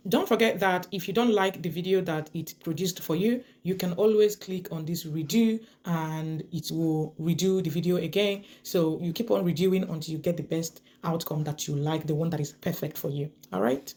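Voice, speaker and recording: A woman's voice: on the low side, normal speed, few pauses, a little mellow. Nigerian woman talking through a tutorial. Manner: repetitive, patient step-by-step explaining. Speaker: tutorial host. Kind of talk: screen-recorded how-to tutorial.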